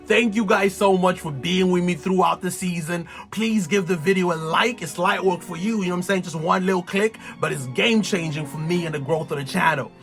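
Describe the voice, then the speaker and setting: A man giving an excited, slangy recap of a TV show, laughing and exclaiming often. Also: sits high, fairly quick, gravelly, few pauses, soft background music. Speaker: TV recap vlogger.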